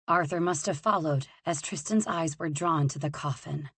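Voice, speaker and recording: A woman reading an audiobook aloud in measured, scripted narration. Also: sits low, breathy edge, dry recording. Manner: measured storytelling.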